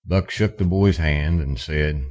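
A male audiobook narrator reads a western in a calm, even pace. His voice sits extremely low. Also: takes it slowly. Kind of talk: scripted narration.

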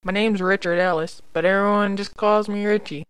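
A man's voice: sits high, fairly even intonation, normal speed, a bit bright, clean tone, voice pushed up. A man narrating a story, voicing an eager, polite twelve-year-old boy.

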